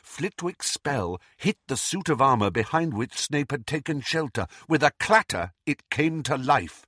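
Expressive male audiobook narrator. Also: mid-range voice, measured pace, breathy edge, dry recording, clean studio sound. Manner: expressive, dramatic reading. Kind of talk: scripted narration.

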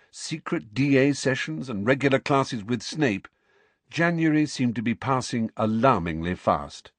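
A man reading a novel aloud as an audiobook narrator, expressive and storytelling. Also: medium pitch, breathy edge, no room sound. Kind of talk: scripted narration.

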